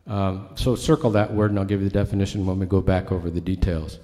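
A man's voice: sits low, level tone, quick pace, hardly any pauses, warm tone. A man preaching a sermon as a pastor, teaching in a conversational way with asides to his congregation.

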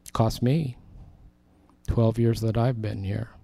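A middle-aged man, a pastor, preaching a sermon and telling a story in an animated way, acting out the people he quotes. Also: on the low side, takes it slowly, gravelly.

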